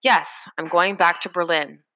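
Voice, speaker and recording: A woman's voice: lowish voice, steady tone, measured pace, pushed and bright, poor audio. A woman reading the part of a curious, kind young boy who speaks earnestly and a little hesitantly.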